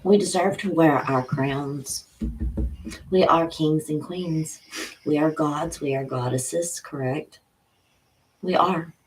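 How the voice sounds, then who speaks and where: Woman, low voice, tarot reader, chatty and loose, home recording. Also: takes it slowly, long pauses, slight background noise, poor audio. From Louisiana. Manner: loose, chatty, sidetracked by her dogs. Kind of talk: spiritual tarot reading to camera. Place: home room with dogs nearby. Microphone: camera.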